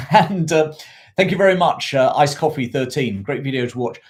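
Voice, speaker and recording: A man's voice: mid-range voice, animated, moderate pace. A man talks history to a live online audience in an unscripted, meandering way. He restarts sentences, corrects his own slips and stops to thank viewers from the chat. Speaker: history livestream host.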